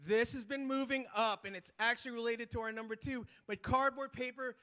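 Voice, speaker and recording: A man giving a lively conference talk as a restoration manager, rallying the audience with chants and quick asides. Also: very high voice. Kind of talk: energetic presentation with crowd call-and-response. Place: conference hall before a live audience.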